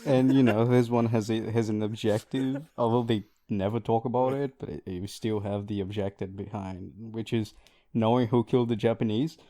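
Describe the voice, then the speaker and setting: A man's voice: lowish voice, fairly even intonation, moderate pace, dark tone. A man in a casual podcast chat, making dry, joking asides.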